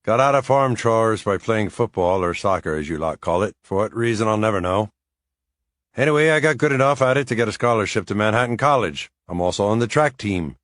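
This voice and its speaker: A man's voice: on the low side, lively intonation, brisk, fairly bright tone, dry recording, studio quality. A man voicing a cheerful young Irish man who applies as a nanny, chatty and self-mocking, with an Irish accent.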